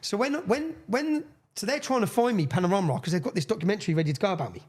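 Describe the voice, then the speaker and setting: A man, a podcast guest telling a long story with energy, swearing and acting out the people he quotes. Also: high-pitched. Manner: fast, excitable, swears, acts out quoted voices. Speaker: interview guest. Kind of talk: animated storytelling in a podcast interview.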